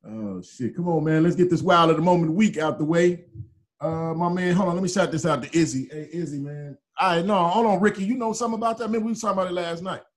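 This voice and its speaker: A man's voice: sits high, fairly even intonation, fast talker. Laid-back man hosting a chat. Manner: laid-back, joking, repeats himself. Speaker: podcast host. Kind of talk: casual group chat.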